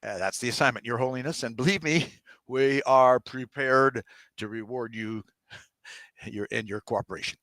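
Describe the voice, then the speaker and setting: Bossy, boozy old president read by a man, loud and gravelly, close dry mic. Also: mid-range voice, normal speed, no room sound, close to an everyday voice. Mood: blustering. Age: older. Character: blustering, boozy aging male US president. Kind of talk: author reading his novel aloud.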